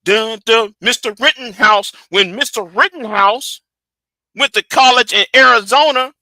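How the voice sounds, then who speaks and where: Male live-stream host, high lively voice, very bright, excitable and repetitive, dry close sound. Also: unhurried, no echo. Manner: excitable, repeats words while building a point. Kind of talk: live stream reaction commentary.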